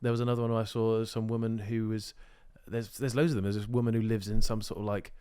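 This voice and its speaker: A young man co-hosting a podcast, teasing his friend with deadpan jokes in casual chat. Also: lowish voice, fast, clean tone, no echo, studio quality. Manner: deadpan teasing, jokey provocations. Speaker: podcast co-host.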